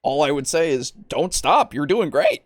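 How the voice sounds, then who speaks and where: A man's voice: fairly high pitch, expressive, moderate pace, dry recording, studio quality. A man co-hosting a podcast, chatting casually about tabletop games, rambling with many fillers, swearing and laughing often. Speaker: podcast co-host.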